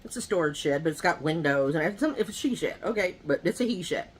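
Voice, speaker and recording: A woman's voice: sits low, animated, quick pace, husky. Chatty woman telling rambling stories. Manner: rambling, gossipy storytelling with lots of asides; talks to viewers directly. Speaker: mukbang vlogger. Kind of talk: casual chat while eating.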